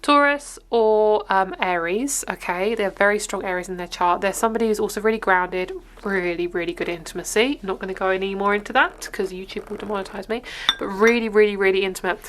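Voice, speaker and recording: A woman's voice: medium pitch, fairly quick, a bit bright, slight background noise. A young woman with an English accent gives a casual, rambling tarot reading to camera in an upbeat, chatty way. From England. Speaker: tarot reader.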